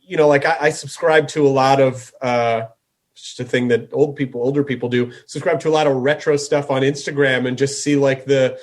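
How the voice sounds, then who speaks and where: A man's voice: mid-range voice, fairly even intonation, brisk. A man hosting a podcast in casual chat, rambling with lots of "you know" and "like". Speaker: podcast host.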